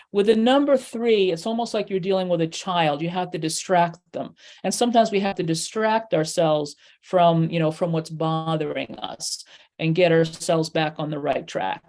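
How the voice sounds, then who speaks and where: Middle-aged lady teaching a workshop, chatty, lots of you-knows, lowish voice. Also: a little mellow. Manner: chatty, with many fillers and acted-out asides. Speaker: numerology teacher. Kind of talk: workshop lesson.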